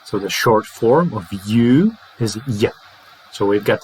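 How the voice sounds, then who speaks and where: Animated man teaching English. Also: lowish voice, a little hiss or hum, rough recording. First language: Czech. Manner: lively, playful, modeling phrases slowly and fast. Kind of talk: English lesson to camera.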